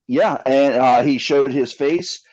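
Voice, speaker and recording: A man co-hosting a casual podcast, animated and joking, with lots of fillers. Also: mid-range voice, slow. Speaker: podcast co-host. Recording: slightly dull lo-fi mic.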